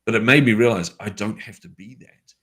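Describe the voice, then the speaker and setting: A man with a New Zealand accent, a guest telling a story from his life in a lively, casual way with everyday fillers. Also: on the low side, brisk, breathy edge. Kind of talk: conversational storytelling.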